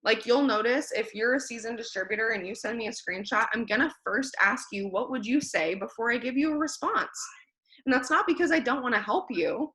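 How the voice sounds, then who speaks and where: A woman's voice: on the high side, a little fast, pushed and bright. A young woman leading her team on a video call, giving a blunt, tired pep talk with some swearing. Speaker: team leader.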